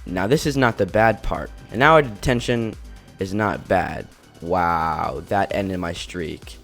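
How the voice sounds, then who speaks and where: A man's voice: deep voice, slow pace, gravelly, a bit bright, soft background music. A teenage boy vlogger, just woken up, telling a rambling story in casual speech full of restarts and quoted dialogue. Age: teens. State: just woke up.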